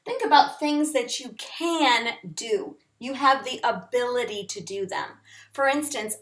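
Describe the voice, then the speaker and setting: A woman teacher slowly and clearly explaining English grammar to learners. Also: on the high side, fairly bright tone. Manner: slow, clear, deliberate teaching delivery. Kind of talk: instructional lesson. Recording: echoey room, voice off-mic.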